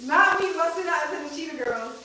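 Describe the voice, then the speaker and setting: A woman's voice: high voice, sharp tone, reverberant, slight background noise. A woman from the East Coast of the US, a hairstylist chatting casually on a livestream while she works, teasing her viewers and swearing freely. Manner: playful teasing, joking with the chat, swears freely. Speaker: hairstylist livestreaming a color removal. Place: salon suite.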